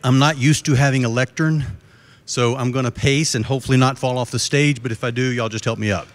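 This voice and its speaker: A middle-aged man with a drawl gives a keynote on a conference stage, speaking into a stage microphone. He spins folksy jokes and stories and asks the crowd questions. His voice sits at an ordinary middle pitch for a man. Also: fairly even intonation, brisk. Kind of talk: live conference talk. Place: conference stage before a live audience.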